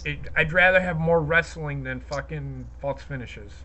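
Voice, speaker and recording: A woman's voice: sits low, moderate pace, bright, forceful tone. A woman co-hosting a wrestling podcast, ranting and swearing heavily in casual chat. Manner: profane, ranting, heated. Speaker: podcast co-host.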